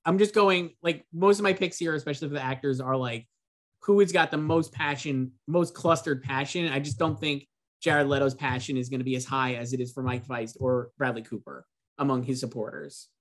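A man's voice: medium pitch, fairly even intonation, a little fast. A man in casual panel talk as an awards pundit, easygoing and wry as he lays out his arguments.

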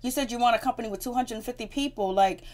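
A woman's voice: on the high side, fast talker, a little mellow. A woman giving a casual spoken recap of a reality show episode, chatty and slangy, often laughing as she retells scenes. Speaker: TV recap vlogger.

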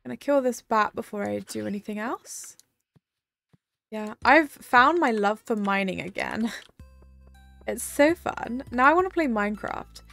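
A young woman chats loosely through a game stream, drifting between comments on the game and replies to her viewers. Her voice sits a little high with a steady gravelly fry, and she giggles and rambles as she goes. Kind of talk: casual live-stream chat while gaming.

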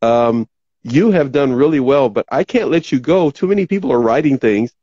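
Male host, mellow tone, voice going hoarse, rambling chat reading comments, muffled lo-fi stream audio. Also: medium pitch, expressive, normal speed, dry recording. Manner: rambling, reads viewer comments aloud, voice tiring. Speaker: podcast host. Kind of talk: casual talk show chat.

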